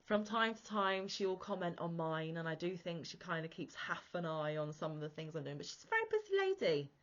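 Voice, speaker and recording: A woman's voice: on the low side, steady tone, brisk, fairly bright tone. Woman, crochet vlogger, gushy and chatty, dull lo-fi sound. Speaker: crochet channel host. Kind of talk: casual chat to camera. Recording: dull lo-fi audio.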